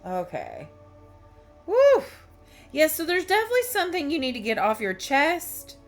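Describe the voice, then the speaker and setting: A woman's voice: high voice, big pitch swings, quick pace, a bit bright, faint music behind. A woman tarot reader talking candidly to her viewers in a rambling, emotional way, often restarting her sentences. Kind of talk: candid personal storytelling to viewers.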